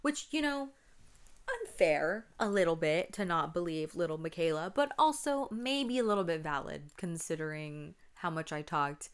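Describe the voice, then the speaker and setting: A woman's voice: lowish voice, fairly bright tone, clear, resonant tone. A young woman hosting a casual solo podcast, chatting and telling stories about her childhood, acting out the voices in them. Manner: chatty, laughing, acts out quotes. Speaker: podcast host.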